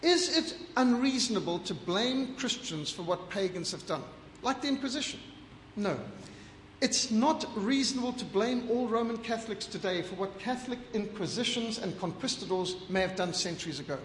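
A man with a fairly high voice delivers an impassioned lecture over slides, firing off rhetorical question after rhetorical question and stacking emphatic lists. His voice rings through a roomy hall with a long reverb tail, and a faint hum of ambience sits underneath. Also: expressive, normal speed, fairly bright tone.

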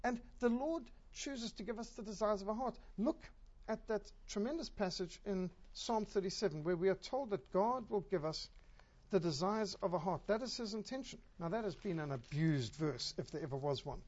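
Woman preacher, husky voice, emphatic sermon delivery, dull lo-fi sound. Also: medium pitch, lively intonation, normal speed, a little mellow. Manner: emphatic, with rhetorical questions.

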